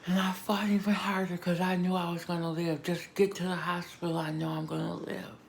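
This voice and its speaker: A woman vlogger giving an emotional, emphatic personal testimony, moving between hushed and loud moments. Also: on the low side, level tone, a little fast, vocal fry, slight background noise. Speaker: vlogger sharing a personal story.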